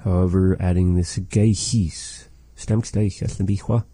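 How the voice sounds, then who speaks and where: A man teaching a language lesson, saying phrases slowly and carefully and repeating them for learners. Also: low voice, fairly even intonation, mellow, breathy edge.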